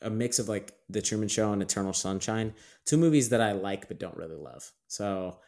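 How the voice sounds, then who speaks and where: A man's voice: fairly low pitch, brisk, a little mellow. A man co-hosting a podcast, musing and hedging in casual chat about movies. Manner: musing, hedging, with frequent fillers. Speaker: podcast co-host.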